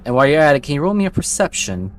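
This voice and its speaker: A man narrating as game master of a tabletop role-playing game, relaxed and at times slow and descriptive. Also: a little high.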